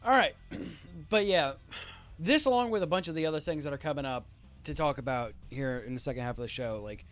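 A man's voice: fairly high pitch, fairly quick, a bit bright, soft background music. A man hosting a casual podcast, reviewing a TV show with laughter and exasperated, swearing rants. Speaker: podcast host.

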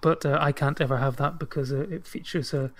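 A man's voice: mid-range voice, steady tone, a little fast. A Scottish man co-hosting a podcast, chatting casually about films in a loose, rambling way full of fillers. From Scotland. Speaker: podcast co-host. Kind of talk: casual film chat.

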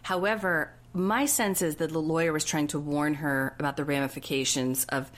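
A woman's voice: deep voice, fairly even intonation, moderate pace. A woman co-hosting a podcast, chatting casually and bluntly as she recaps a reality show. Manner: blunt, indignant commentary. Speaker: podcast co-host.

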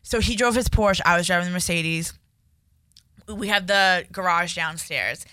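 A woman's voice: fairly low pitch, normal speed, sharp tone, smooth, no room sound, studio quality. A young woman telling a story in casual chat, rambling and full of fillers.

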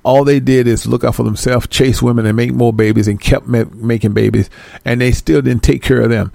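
A man's voice: medium pitch, steady tone, a little fast, vocal fry, darkish tone, no room sound. A man preaching in a blunt, profane and scolding way, stopping to read scripture aloud and repeating words for stress. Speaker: religious teacher. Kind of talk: street-style preaching with scripture reading.

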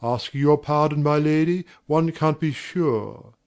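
A man voices a faithful, deferential butler who speaks with quiet formality. The tone is mellow and warm, pitched a little high for a man. It suits a respectful servant in an old stage play. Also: measured pace. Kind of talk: amateur audiobook drama reading.

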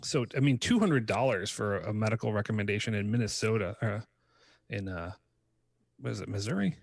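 A man's voice: on the low side, lively intonation, fairly quick, creaky, dry recording. A man co-hosting a casual podcast chat, talking in a rambling way with many fillers and restarts. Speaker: podcast co-host.

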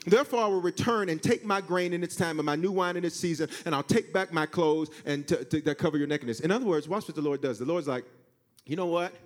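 A male pastor preaching a sermon, calling on the congregation to answer and touch their neighbor, swinging between shouts and hushed asides. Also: fairly high pitch, fast talker, few pauses. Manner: animated, swings from shouting to hushed, acts out God's voice; call-and-response with congregation.

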